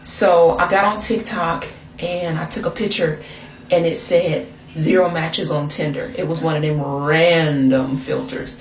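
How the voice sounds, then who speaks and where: A woman's voice: low voice, a little slow. American woman, chatty storyteller; echoey, distant, noisy phone recording. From United States. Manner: chatty, animated, addresses listener as girl. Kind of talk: storytime confession video.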